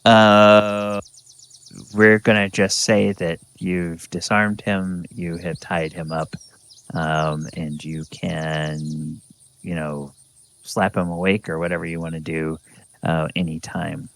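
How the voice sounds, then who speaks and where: A man narrating a tabletop game as dungeon master, in a slow, hesitant way with many fillers. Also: deep voice, flat delivery, vocal fry, fairly bright tone, no echo.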